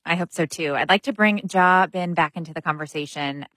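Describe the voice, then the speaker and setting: A woman hosting an interview who asks smooth, measured questions and introduces guests. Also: lowish voice, fairly bright tone, no echo, low-quality recording. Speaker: interview host.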